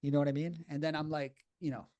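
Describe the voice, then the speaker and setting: This man speaks fast in a voice that's a little high, telling his own story bluntly and casually, animated and swearing freely. He's audibly shaky and upset while recalling it. The audio is lo-fi, with no echo.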